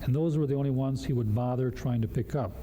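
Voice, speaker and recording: A man testifying in court as an expert witness, measured and halting, with frequent fillers. His voice is very dark and mellow. Faint noise sits behind him. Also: mid-range voice, in a large hall. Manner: measured, hesitant, with many fillers.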